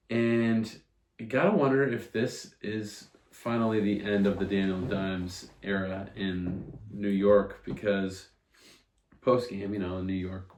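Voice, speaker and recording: A young man co-hosting a casual sports podcast, opinionated and animated, who swears freely. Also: fairly low pitch. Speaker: podcast co-host. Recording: roomy echo.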